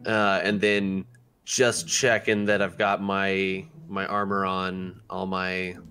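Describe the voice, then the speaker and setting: A low-voiced man speaks as a player in a tabletop game, measured and hesitant with frequent ums. Faint music plays quietly behind him. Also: completely flat delivery. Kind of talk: casual tabletop role-play.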